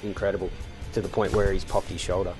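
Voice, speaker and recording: An Australian man talking admiringly about a friend in a soft-spoken documentary interview. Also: low-pitched, little pitch movement, fast. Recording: guitar music underneath.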